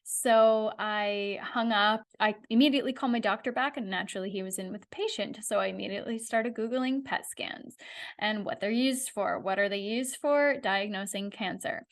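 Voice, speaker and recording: At medium pitch and normal speed, the woman recounts her personal story on her podcast. She stays open and chatty, retelling it with animation.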